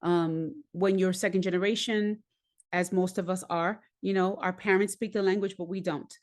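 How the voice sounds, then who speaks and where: Lady telling her life story on a podcast, low-ish voice, animated, does the voices. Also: moderate pace. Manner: animated, acts out voices and laughs often. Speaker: podcast guest, singer. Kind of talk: candid personal storytelling.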